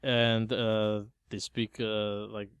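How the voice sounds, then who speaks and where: A young man co-hosting a casual podcast, retelling a film scene by scene in a loose, animated way full of "like" and "yo" and frequent laughter. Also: on the low side, takes it slowly, clear, resonant tone, dry recording, dull audio. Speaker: podcast co-host. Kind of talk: casual movie discussion.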